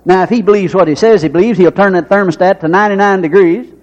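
A man's voice: high-pitched, quick pace, darkish tone. A man preaching a sermon, folksy and full of rhetorical questions, acting out little scenes with quoted voices. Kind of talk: sermon with acted-out anecdotes. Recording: dull lo-fi sermon recording.

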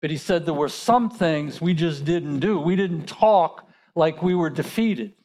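Man, pastor, sermon, conversational, rhetorical questions, high-pitched. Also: unhurried, a little mellow.

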